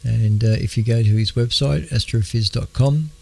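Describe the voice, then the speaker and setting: An Australian man hosts an astronomy radio show in a gravelly, mid-pitched voice. He talks casually and haltingly, with many ums and uhs. He keeps clearing his throat because his voice is wearing thin. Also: dark tone. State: losing his voice. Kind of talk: casual astronomy news talk.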